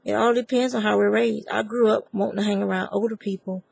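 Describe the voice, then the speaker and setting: Gravelly Southern woman teaching crochet. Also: medium pitch, fairly even intonation, fast, a little mellow, dry recording. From American South. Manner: chatty, digressive, talks to viewers as y'all. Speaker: crochet tutorial maker. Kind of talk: casual crafting tutorial.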